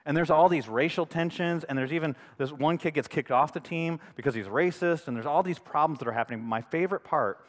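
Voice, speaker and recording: A middle-aged male pastor preaches a sermon in a church sanctuary, telling stories with rising excitement. His voice sits a bit high for a man and trails off into a long hall reverb. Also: brisk, hardly any pauses. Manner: storytelling, builds to loud excited outbursts.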